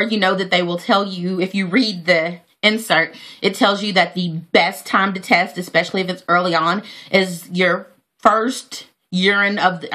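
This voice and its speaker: Bright-voiced woman telling a story. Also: medium pitch. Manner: heartfelt, religious, chatty with many fillers. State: near tears. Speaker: vlogger. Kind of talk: personal storytelling to camera.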